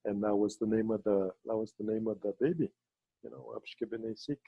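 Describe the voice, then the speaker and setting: A man leading a ceremony, telling stories in a halting way with many fillers and restarts, over a video call. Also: fairly even intonation, creaky, breathy edge, no echo, highs cut off. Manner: halting, with many fillers and restarts, voices quoted people in a higher pitch. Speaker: ceremony leader and storyteller. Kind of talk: storytelling talk on a video call.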